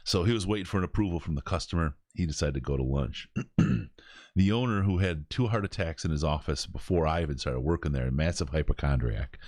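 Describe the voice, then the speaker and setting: A man hosting a podcast, telling stories in an animated way and laughing as he goes. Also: rumbling low, fast, no room sound, studio quality. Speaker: podcast host. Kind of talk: casual storytelling.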